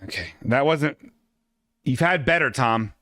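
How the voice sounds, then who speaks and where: Rambling man with a lively pitch. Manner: rambling, halting with many restarts and swearing asides. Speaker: podcast host. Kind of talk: casual livestream chat, reading a comic aloud.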